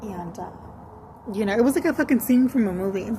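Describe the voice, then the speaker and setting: A woman's voice: a little high, very fast, warm tone, a little hiss or hum, low-quality recording. A woman telling a rambling, profane story to her viewers in a casual vlog. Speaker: vlogger.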